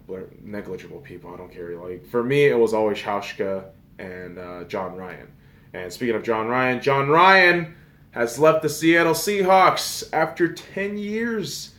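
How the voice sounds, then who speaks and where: A man hosting a podcast, ranting casually and profanely about sports, sarcastic, dropping to a mutter and then flaring into loud outbursts. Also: lowish voice, unhurried, roomy sound. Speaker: podcast host.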